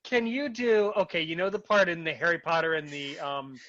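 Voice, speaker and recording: A man's voice: a little high, a little fast, fairly bright tone, muffled recording. A man hosting a casual chat, eager and stumbling, often repeating words as he talks. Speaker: host.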